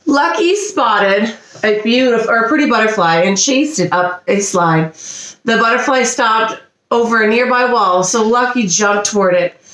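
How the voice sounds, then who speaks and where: A woman teacher reading a children's storybook aloud, expressive and animated. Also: on the high side, moderate pace. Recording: roomy echo.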